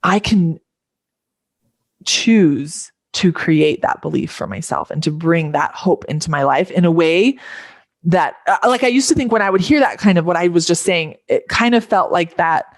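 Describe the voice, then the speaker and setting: A woman with a lowish voice talks through her ideas as a podcast guest, earnest and full of fillers. The sound is dry and close. She searches for words as she goes, in a casual conversational way. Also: lively intonation, normal speed, dry recording. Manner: earnest, thinking aloud with many fillers. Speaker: podcast guest, life coach.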